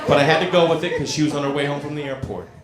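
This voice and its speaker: A middle-aged man telling a stand-up story on a comedy club stage, animated and acting out the voices of the people in it. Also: on the high side, racing. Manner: animated, acts out quoted voices. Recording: roomy club with loud crowd. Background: audience laughter.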